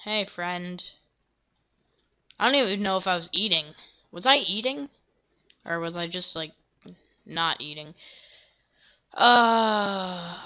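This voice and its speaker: A woman giving casual, self-deprecating commentary while she plays a video game, now and then breaking into loud yelps. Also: medium pitch, dull audio. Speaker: gameplay video creator. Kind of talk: casual let's-play commentary.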